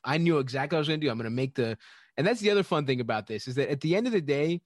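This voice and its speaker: A man's voice: fairly high pitch, expressive, racing, no echo, studio quality. A man talking in a casual podcast conversation, chatty and profane, with many fillers and laughs. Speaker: podcast guest.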